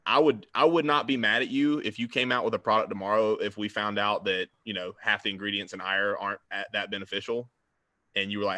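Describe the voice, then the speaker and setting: A man who runs a supplement store, speaking in an energetic, emphatic way in a casual roundtable chat. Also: lowish voice, fast, no room sound.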